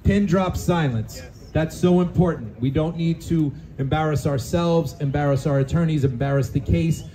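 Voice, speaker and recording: A man's voice: fairly high pitch, normal speed, warm tone. A man organizing a rally, urgently repeating instructions to the crowd outdoors. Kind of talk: addressing a crowd.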